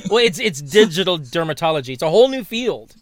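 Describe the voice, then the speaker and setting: A man co-hosting a casual chat, rambling with many restarts and dropping deadpan jokes over a video call. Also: a little high, fast. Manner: rambling, self-interrupting, playful deadpan jokes. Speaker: guest co-host.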